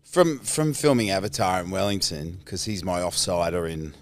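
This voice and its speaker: A man's voice: low-pitched, normal speed. A man in his forties with an Australian accent, a guest on a casual podcast, telling rambling, laugh-filled stories and swearing freely. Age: 40s. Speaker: actor guest.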